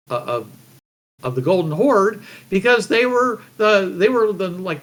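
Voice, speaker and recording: A man's voice: fairly high pitch, a bit bright. Rambling male game master. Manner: rambling, many fillers and restarts. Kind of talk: narrating a tabletop game.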